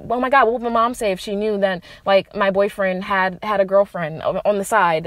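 A young adult woman podcast host gives relationship advice in a casual monologue, blunt and profane, with emphatic rises on her key points. She has a mid-range voice, recorded with no echo.

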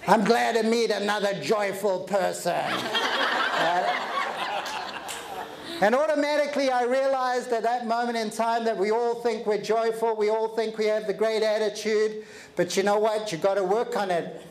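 A man giving an energetic, animated motivational talk, telling stories and joking with a live audience in a hall. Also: sits high, a little slow, background noise. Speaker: motivational speaker. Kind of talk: keynote storytelling to a live audience. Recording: echoey hall with faint ambience.

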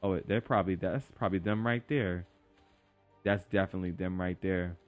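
A young man giving excitable, slangy commentary while he plays a game, yelping and talking to his creature. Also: deep voice, moderate pace. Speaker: gaming YouTuber. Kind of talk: live gameplay commentary. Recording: faint game music behind.

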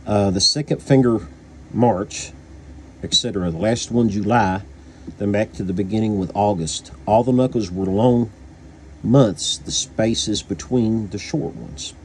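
A man's voice: fairly low pitch, a little slow, a little mellow, a little hiss or hum. A man from Kentucky with a Kentucky accent, casually reviewing a book, rambling with many fillers and restarts.

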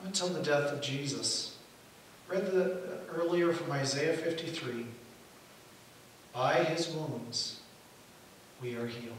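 A man preaching a sermon as pastor, telling the story in an animated way and acting out the quotes. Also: fairly high pitch, slow, long pauses. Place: church hall. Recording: echoey hall from far off, faint hiss.

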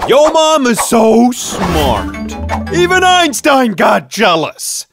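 A narrator reading joke after joke in an over-the-top animated comedy delivery. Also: medium pitch, slow, soft background music.

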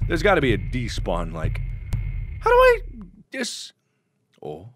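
Man doing loud let's play commentary. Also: mid-range voice, huge pitch swings, moderate pace, faint music behind. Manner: loud, exaggerated, mock-angry outbursts. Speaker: gaming video host.

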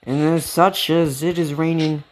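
Excitable man rambling over gameplay. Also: fairly high pitch, a little slow. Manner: rambling, excitable, gasps and squeals at cute animals. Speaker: let's play gamer. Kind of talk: casual gameplay commentary.

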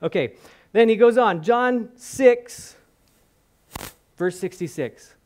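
A man's voice: high-pitched, slow pace. A man preaching a sermon in a church, retelling scenes with chatty asides and acted-out quotes. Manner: animated storytelling, voicing the crowd and speaking in asides. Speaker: pastor.

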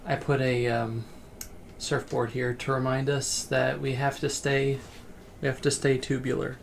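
A man's voice: medium pitch, little pitch movement, unhurried, gravelly, slight background noise. A man streaming a game casually, rambling as he plays and reading chat messages aloud.

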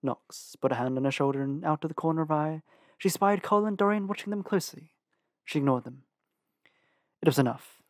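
A man narrating an audiobook with an expressive reading and lively shifts in pitch. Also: a little fast, no echo, clean studio sound. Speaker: audiobook reader.

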